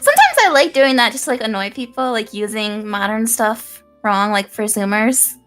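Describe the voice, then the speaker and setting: A woman's voice: fairly high pitch, big pitch swings, normal speed, a bit bright, soft background music. An American woman chatting as a guest, playful and self-mocking. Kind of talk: casual chat.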